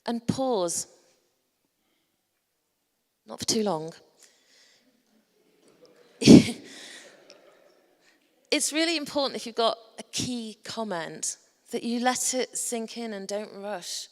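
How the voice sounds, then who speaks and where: A woman's voice: a little high, animated, slow pace, long pauses, a little mellow. A woman with a Yorkshire accent giving a chatty, humorous talk on public speaking to a conference audience. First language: English. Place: large conference hall. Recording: long reverb of a large hall.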